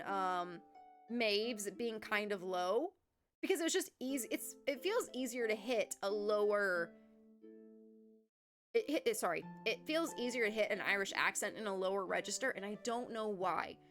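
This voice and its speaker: A woman's voice: medium pitch, normal speed. A young adult woman streamer chatting animatedly and laughing at herself as she wraps up her stream. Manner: animated, self-deprecating. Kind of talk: casual stream outro. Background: faint music.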